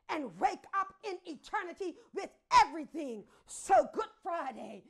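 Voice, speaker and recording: A woman preaching a sermon, moving from hushed, quiet lines to sudden loud swells as she calls out to the congregation. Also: very high-pitched, animated, normal speed, creaky, hardly any pauses.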